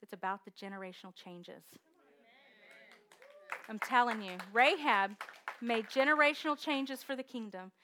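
A woman preaching a sermon with energetic call-and-response exhortation. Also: fairly high pitch, moderate pace, long pauses, noisy background.

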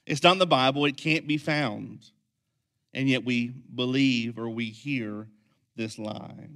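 A man preaching a sermon as pastor, swinging from quiet, intense lines to loud, energetic ones. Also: mid-range voice, takes it slowly.

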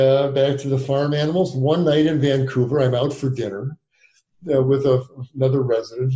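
A man's voice: mid-range voice, warm tone. A man in his sixties, a physician being interviewed, telling his story in a rambling way with many restarts and fillers. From United States. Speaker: physician guest. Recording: echoey room.

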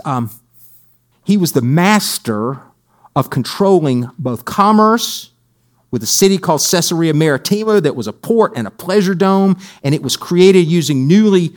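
Male pastor preaching with wry asides. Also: fairly high pitch. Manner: emphatic, repeating phrases for effect. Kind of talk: sermon.

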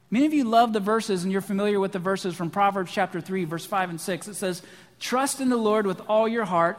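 A high-pitched man preaching a sermon, pressing his points with emphasis and drawing out key lines slowly. His voice rings through the long reverb of a large church hall. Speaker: pastor. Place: church sanctuary.

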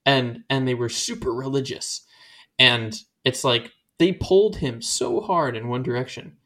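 A man's voice: mid-range voice, a little slow, a bit bright. A man talking casually and animatedly about faith, rambling and acting out quoted voices as he goes.

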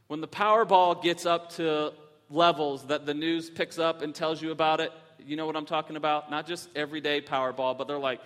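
A pastor in his thirties preaching a sermon in a church, telling stories with animated, rising emphasis. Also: fairly high pitch, fairly quick. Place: church sanctuary. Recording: long hall reverb.

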